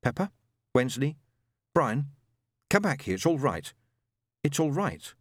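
A man's voice: medium pitch, very animated, unhurried, dry recording, studio quality, pitched above the performer's own voice. Adam, a man voicing an earnest young boy. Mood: quiet, urgent. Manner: earnest, rising to pleading shouts. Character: young boy, stubborn then frightened.

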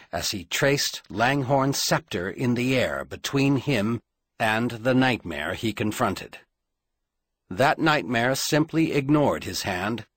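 A man narrating an audiobook in measured, dramatic storytelling. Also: mid-range voice, a bit bright, breathy edge, no room sound.

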